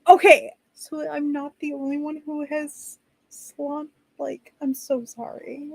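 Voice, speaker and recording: A woman hosting a casual writing-sprint stream, chatty and quick to laugh and apologize. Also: sits high, level tone, creaky, a little mellow, slight background noise. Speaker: stream host.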